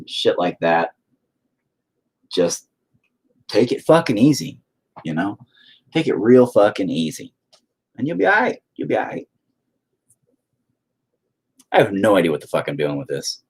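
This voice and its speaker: A man's voice: on the low side, sing-song, moderate pace, pauses often, slightly rough. A man chatting casually and profanely with viewers while he paints, rambling and putting himself down. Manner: profane, rambling, self-deprecating.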